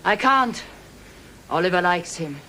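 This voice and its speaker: A woman's voice: on the low side, animated, unhurried, pushed and bright, a little hiss or hum. An actress playing a prim, easily exasperated woman who runs a mental hospital, in a sitcom. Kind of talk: 1980s sitcom acting.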